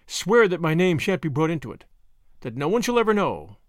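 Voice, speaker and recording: A hoarse, frightened woman with a soft and dangerous edge, as a man reading the story puts her on. Her voice swings widely between hushed and sharp. The recording is close and dry. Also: fairly high pitch, very animated, fairly quick, no echo. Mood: fearful, menacing. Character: fading beauty, frightened, secretive woman.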